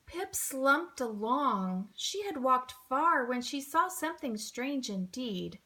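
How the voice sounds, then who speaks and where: A woman reading a children's picture book aloud, expressive and acting out sound effects. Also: fairly high pitch, takes it slowly, few pauses. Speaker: storybook reader. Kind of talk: children's storybook read-aloud.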